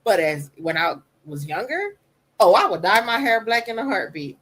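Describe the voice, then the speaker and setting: A woman with a soft voice, talking openly as a guest on a podcast. She speaks with emphasis and tells her story animatedly, repeating phrases to drive them home. Her pitch sits in a middle range. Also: big pitch swings, moderate pace, breathy edge, low-quality recording. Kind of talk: candid conversation.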